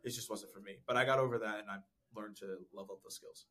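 A man's voice: lowish voice, fairly even intonation, fast, bright, forceful tone. A man being interviewed on a podcast about sales outreach, talkative and laughing often. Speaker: podcast guest, sales professional. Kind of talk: casual interview chat. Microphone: desk mic with content gear.

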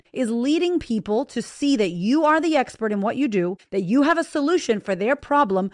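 Woman, podcast host, motivational monologue, blunt, profane, energetic, a little high-pitched, dry close sound. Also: dry recording. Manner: blunt and profane, speaks to listeners directly; energetic, emphatic. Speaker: podcast host and business coach.

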